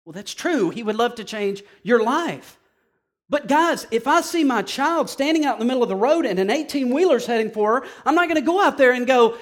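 A man preaching a sermon in a conversational, emphatic way, swinging between quiet asides and loud punches. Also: very high voice, animated, brisk.

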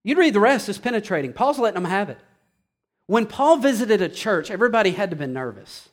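A pastor in full sermon, his voice riding high above most men's. He grows heated and emphatic, then pulls back to near-quiet before building again. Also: expressive, fast. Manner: impassioned, swings from hushed to loud.

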